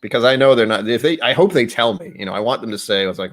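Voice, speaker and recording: Speaking rapid-fire at medium pitch with lively intonation, a young American stream host samples whiskey on a casual broadcast. His talk wanders, breaks off mid-thought and frequently turns into silly voices.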